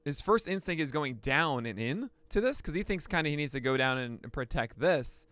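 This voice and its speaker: A man hosting a pitching analysis, talking through each pitch with excitable outbursts. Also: moderate pace, no room sound. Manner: excitable, bursts into shouts and laughs. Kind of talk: excited play-by-play pitch breakdown.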